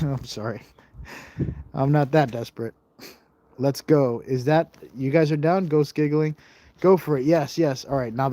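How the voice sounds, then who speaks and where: A man's voice: fairly high pitch, darkish tone. A man hosting a live stream outdoors on a cold night, joking with viewers while sniffly and coughing from the cold, talking into a handheld camera. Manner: chatty, jokey, talks straight to viewers. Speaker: live-streaming ghost-hunting host. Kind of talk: casual live-stream chat.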